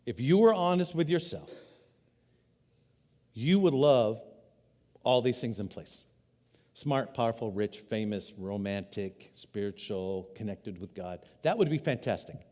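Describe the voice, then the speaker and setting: A man preaching a sermon as a pastor, earnest, swinging between loud emphatic peaks and quiet, dropped-down lows. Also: animated, unhurried, pauses often. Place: church hall. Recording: live hall reverb.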